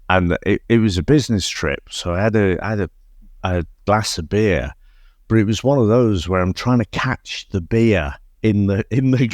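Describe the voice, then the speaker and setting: A man's voice: lowish voice, dry recording, clean studio sound. A man co-hosting a casual film review chat, incredulous and sweary, often restarting his sentences. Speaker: podcast co-host.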